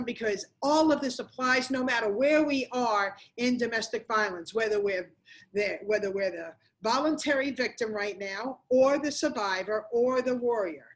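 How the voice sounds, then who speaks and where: A middle-aged woman talks straight to the camera in a motivational address, her voice sitting a little higher than most. She leans hard on key words and repeats them for emphasis, coaching the listener directly. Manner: emphatic and repetitive, speaking straight to the viewer. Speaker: motivational speaker on domestic violence.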